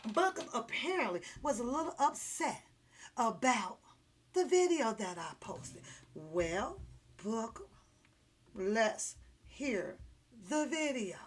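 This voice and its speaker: High-voiced woman ranting teasingly. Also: slow pace. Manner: animated, profane, teasing, laughs often. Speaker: vlogger. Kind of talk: casual ranting livestream commentary.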